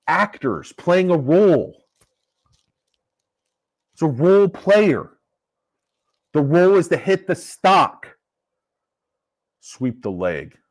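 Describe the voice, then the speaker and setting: A man ranting casually about a stock, combative and profane. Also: fairly high pitch. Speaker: stock market commentator. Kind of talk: casual investing rant.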